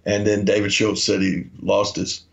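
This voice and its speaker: A podcast co-host from Memphis, Tennessee, speaks with a lowish, creaky voice in a level tone at a moderate pace. He tells rambling anecdotes casually and acts out the quotes in them, and the audio is dull and lo-fi.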